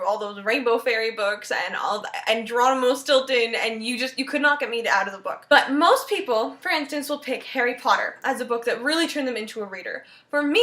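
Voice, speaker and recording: A young woman tells a story to camera as a book vlogger, chatty and animated, full of "like" fillers. Her voice sits high and sounds bright. The room around her is roomy and echoing.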